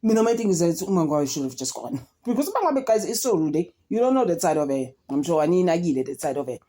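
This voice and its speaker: A young South African woman talks through a reality show in a loose, gossipy way, often turning to her viewers. Her voice sits low and has a dark, mellow tone. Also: fast. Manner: chatty, code-switching, animated gossip with frequent "guys" and laughs. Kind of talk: casual chat.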